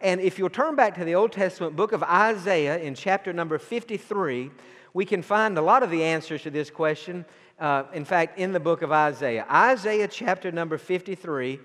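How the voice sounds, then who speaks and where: A man preaching an evening sermon, reading scripture slowly and emphatically and asking the congregation to repeat a phrase. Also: sits high, fairly bright tone. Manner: slow, emphatic delivery with drawn-out scripture quotes. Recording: long hall reverb.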